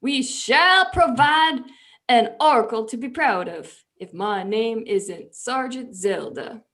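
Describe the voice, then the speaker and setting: Woman doing a drill sergeant bit, barky, giggly, kinda high voice. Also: expressive, slow pace, fairly bright tone. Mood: mock barking. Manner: barking insults, giggling through the lines. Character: gruff female army drill sergeant.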